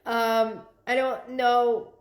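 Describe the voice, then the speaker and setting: A woman hosting a live stream as a psychic medium. She thanks viewers by name and relays messages in a searching, halting way. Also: on the high side, little pitch movement.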